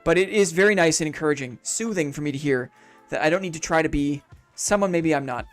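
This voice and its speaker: A man's voice: a little high, fast, soft background music. A man chatting casually on a live game stream, upbeat and reflective, rambling through his thoughts in a friendly way.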